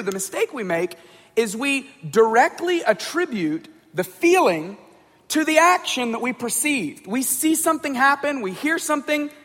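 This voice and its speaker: A man's voice: high-pitched, fairly bright tone, in a large hall. A man giving an informal talk to a group, conversational, often repeating words and checking in with the audience. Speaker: speaker addressing a group.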